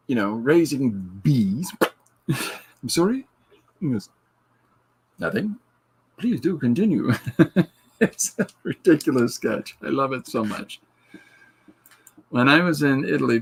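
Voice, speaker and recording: A man's voice: mid-range voice, gravelly, slightly rough. A middle-aged man hosting a podcast, chatting casually and joking while he reads viewer comments and laughs at his own retellings. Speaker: podcast host.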